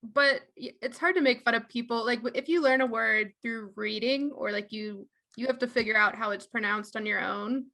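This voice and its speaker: Female co-host, casual and teasing, slightly high voice with some vocal fry. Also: moderate pace, few pauses, pushed and bright. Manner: laughs often, reads aloud, light teasing. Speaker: podcast co-host. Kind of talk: casual chat.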